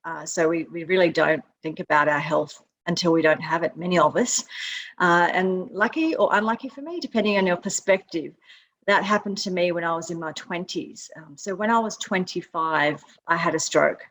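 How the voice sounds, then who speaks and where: Australian woman in her fifties, lower voice. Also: normal speed, a bit bright. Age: 50s. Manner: frank, laughs easily. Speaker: nutrition coach guest. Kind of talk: interview conversation.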